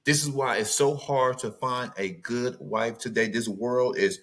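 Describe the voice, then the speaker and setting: A man's voice: medium pitch, a little slow, a bit bright. A man from California with a Southern US accent, hosting a podcast in an emphatic, repetitive, preachy monologue. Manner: emphatic, repetitive, rants with bursts of laughter. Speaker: podcast host.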